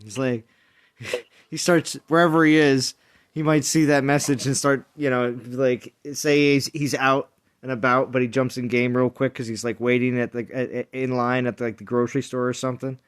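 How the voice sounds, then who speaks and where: A man's voice: medium pitch, little pitch movement, normal speed, clean tone. A man streaming a mobile game, chatting in a rambling, jokey way with friends and viewers. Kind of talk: casual live-stream chat.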